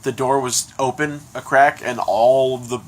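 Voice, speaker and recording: A man's voice: mid-range voice, fairly even intonation. A man co-hosting a podcast, chatting casually and riffing playfully. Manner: playful, jokey, quick to riff. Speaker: podcast co-host. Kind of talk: casual gaming chat.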